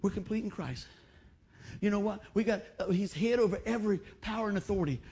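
A man's voice: sits high, fast, gravelly, dark tone, slightly rough. A middle-aged man preaching a sermon, repeating phrases and urging the congregation on. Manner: emotional, repetitive exhortation with call-and-response asides. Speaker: pastor.

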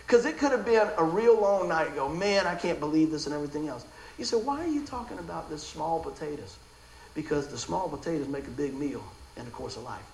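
A middle-aged man delivers a sermon with animated storytelling and lots of laughter. His voice sits high and leaps around. The room is echoey, with a faint hum of background noise. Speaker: pastor.

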